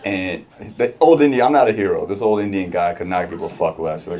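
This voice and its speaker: A man's voice: low voice, a little fast, hardly any pauses. A man performing a stand-up comedy set on a club stage, telling a casual, profane story with wry asides. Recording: live club crowd and music.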